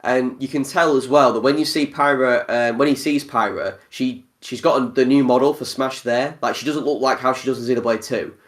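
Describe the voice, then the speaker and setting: A man hosting a podcast in casual chat, animated and quick to laugh. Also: mid-range voice. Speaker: podcast host.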